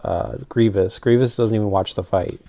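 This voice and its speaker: A man's voice: lowish voice, steady tone, moderate pace, vocal fry, dark tone, no echo. A man joining a casual podcast chat, cutting in to correct and add details. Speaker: podcast guest.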